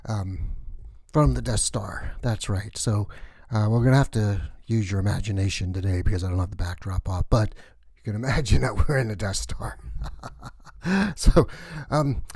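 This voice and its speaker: A man's voice: fairly low pitch, normal speed, darkish tone, dry recording, clean studio sound. A man playing a gossipy male cleaner on a space station, rambling through chatty news full of asides in a comic sketch.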